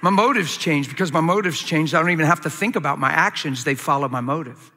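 A middle-aged male pastor preaching a sermon, telling stories with animated acted-out quotes. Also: fairly high pitch, fast. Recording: long hall reverb.

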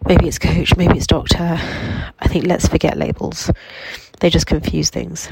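A woman with a cold and a nasal voice, giving a slow, reflective spiritual self-help talk from her bed at home. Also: sits low, fairly even intonation, gravelly, slightly rough, no room sound, low-quality recording. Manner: slow, reflective, gently affirming. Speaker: healing coach.

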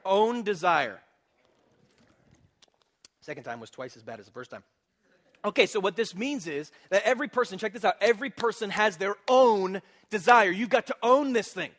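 Bright-voiced pastor preaching animatedly. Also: male voice, high-pitched, a little fast. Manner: animated, humorous preaching with direct questions to the congregation. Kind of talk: sermon.

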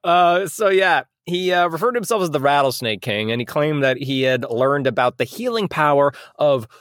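Laughing man with a lively voice. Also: on the high side, moderate pace, no echo, studio quality. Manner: laughs often, jokey, puts on voices when reading quotes. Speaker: podcast co-host. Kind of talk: casual comedic chat.

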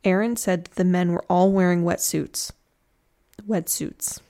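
A woman's voice: lowish voice, steady tone, moderate pace, warm tone. A woman telling a true crime story in a casual, chatty way, with slangy joking asides.

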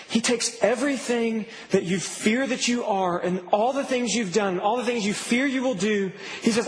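A man's voice: high-pitched, normal speed, few pauses. A man preaching a sermon as pastor, earnest and building to emphatic peaks. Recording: reverberant hall with faint noise.

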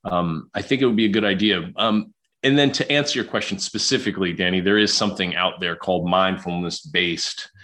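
This Queens, New York psychologist is a guest on a podcast, chatting freely and often repeating words as he starts sentences. His voice sits low and sounds a bit bright, and he talks briskly.

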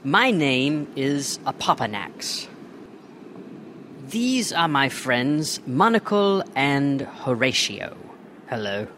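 A man's voice: medium pitch, very animated, slow pace, a bit bright, a little hiss or hum, pitched above the performer's own voice. A man voicing a polite, formal male chimpanzee with a British accent, speaking in a courteous and precise way.

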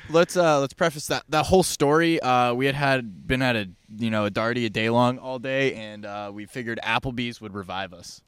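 A young man, a podcast guest, telling stories in lively casual chat. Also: medium pitch, moderate pace, few pauses, smooth, no room sound.

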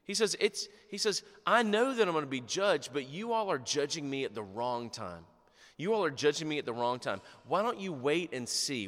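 A man pastor preaching a sermon, animated and sarcastic, acting out quotes as he goes. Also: mid-range voice, big-room sound.

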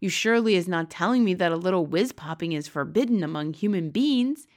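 A woman's voice: on the low side, animated, fairly quick, a little mellow, natural voice. A woman doing a big, friendly old giant with jumbled grammar. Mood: jolly. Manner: mangled made-up words and grammar.

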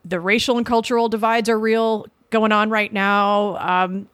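A woman's voice: mid-range voice, steady tone, measured pace, fairly bright tone, no room sound, studio quality. A woman in her forties from the Boston suburbs, co-hosting a podcast in casual, sarcastic banter that rambles through self-corrections. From Boston suburbs, USA. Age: 40s. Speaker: podcast co-host.

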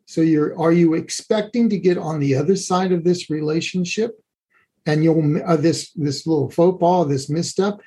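A man's voice: fairly high pitch, normal speed, dark tone, slight background noise. A man speaking as a relationship expert, explaining in an earnest, conversational way with frequent restarts.

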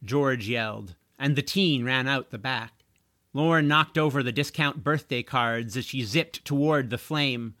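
A man reading a story aloud as narrator, expressive, on a close mic. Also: mid-range voice, a little slow, dry recording. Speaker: audiobook narrator.

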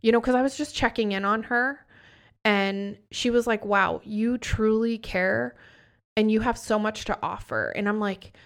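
A woman in her thirties who is a podcast host and business coach gives a candid, emphatic motivational talk, casual in tone and full of swearing. Her voice is mid-range and measured in pace.

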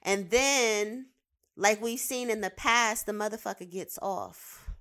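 Slow and forceful, with a bright, medium-pitched voice, a behavioral science professional who sees clients delivers a casual ranting commentary. She's heated and profane, hammering home her points by repeating words.

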